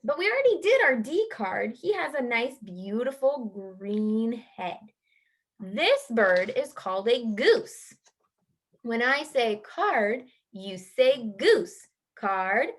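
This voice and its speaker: Slow-talking woman teacher drilling phonics. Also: on the high side. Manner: slow, clear, sing-song call-and-response drilling. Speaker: kindergarten teacher. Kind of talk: online phonics lesson for young children. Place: home, teaching over video call.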